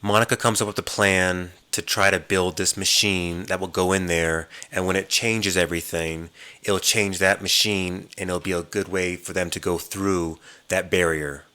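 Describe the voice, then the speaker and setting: A man hosting a podcast, casually recapping TV episodes as an animated storyteller who mimics the characters' lines. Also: sits low, normal speed, smooth. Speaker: podcast host.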